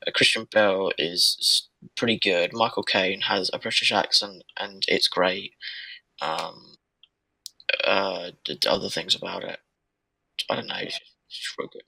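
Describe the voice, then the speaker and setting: A man's voice: deep voice, steady tone, measured pace, creaky, sharp tone, husky, low-quality recording. A young man co-hosting a podcast remotely, chatting casually and hesitantly, often trailing off. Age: young adult. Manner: laid-back, hesitant, trails off. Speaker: podcast co-host. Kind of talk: casual chat. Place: remote call from abroad.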